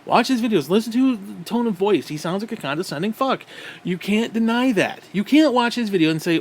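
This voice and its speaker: A man delivering an angry, profane rant as a gaming vlogger, with loud outbursts. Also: sits high, lively intonation, a little fast, slight background noise. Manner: profane and aggressive.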